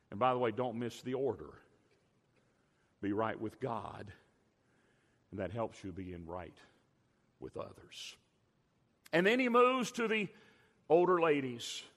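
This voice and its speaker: A middle-aged man preaching a sermon, telling stories with emphatic swings between loud and quiet. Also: medium pitch. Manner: animated storytelling, emphatic swings in loudness. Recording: long reverb of a large hall.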